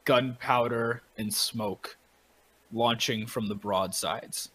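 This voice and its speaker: A man's voice: mid-range voice, fairly even intonation, takes it slowly, pushed and bright, a little hiss or hum, poor audio. A man running a tabletop game as game master, narrating scenes to his players.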